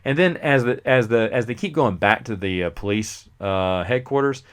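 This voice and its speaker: Male host, casual movie review, middle pitch with lots of swing, acts out the scenes he retells. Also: normal speed, clean tone. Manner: animated, acts out scenes while retelling them.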